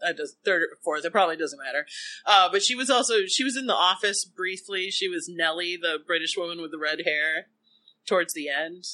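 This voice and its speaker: Bright-voiced woman chatting casually, laughs a lot, explains stuff. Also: on the low side, a little fast. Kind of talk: casual chat.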